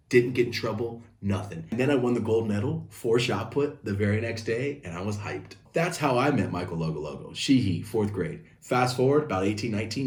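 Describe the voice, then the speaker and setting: A young man telling a casual story-time video, animated, speaking straight to his viewers. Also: fairly low pitch, echoey room, slight background noise.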